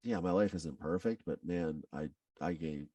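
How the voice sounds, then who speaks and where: A man in his thirties as a podcast guest, telling a personal story earnestly, his voice dropping low when he is moved. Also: moderate pace, dark tone, no room sound, distant mic.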